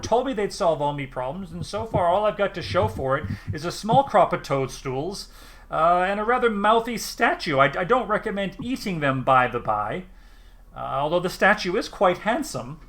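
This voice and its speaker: Man voicing a fussy halfling farmer, high and lively, folksy, loud. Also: gravelly, heavily acted. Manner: excitable, folksy.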